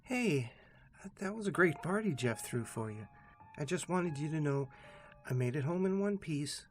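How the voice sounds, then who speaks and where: A man's voice: on the high side, expressive, normal speed, soft background music, voice pushed up, close to an everyday voice. A man voicing a frightened young woman leaving voicemails, stammering and pleading. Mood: sleepy, affectionate.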